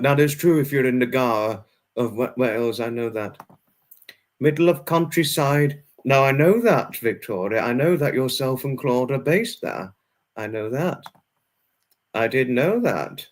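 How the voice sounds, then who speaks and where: A man hosting a casual livestream, answering viewers' chat one by one and repeating himself a lot, with many fillers and restarts. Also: medium pitch. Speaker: livestream host reading chat.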